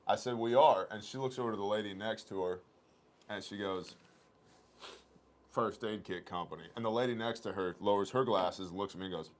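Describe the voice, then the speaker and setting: A man hosting a casual company livestream, chatting and telling stories with animated laughter. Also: lowish voice, fast. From Oklahoma. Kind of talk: casual chat and storytelling.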